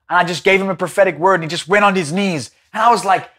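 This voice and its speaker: A man from South Africa preaching a Bible study, telling stories dramatically and swinging between excited and hushed delivery. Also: high voice, fast.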